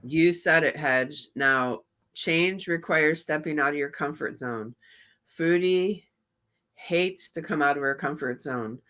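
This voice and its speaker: A man's voice: fairly high pitch, slow pace, sharp tone. A man doing live reaction commentary on a clip, mocking and sarcastic, greeting viewers in chat. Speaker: reaction streamer.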